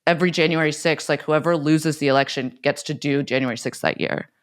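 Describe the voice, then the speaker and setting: Woman, podcast co-host, sarcastic, profane, deadpan, casual chat. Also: deep voice, fairly quick.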